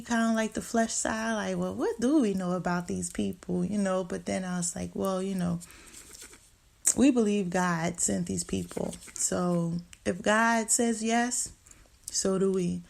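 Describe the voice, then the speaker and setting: A woman hosting her own talk show, telling a story from her life in a relaxed, conversational way. Her voice sits at a middle pitch with a slight gravelly fry. She acts out the quotes and fills her speech with "like" and "you know.". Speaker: podcast host. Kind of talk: casual storytelling.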